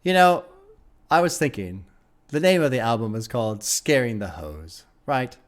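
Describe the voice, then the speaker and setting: Hosting a casual album reaction, a man comments enthusiastically, laughing often and swearing freely. He has a mid-range voice with lively intonation and a moderate pace.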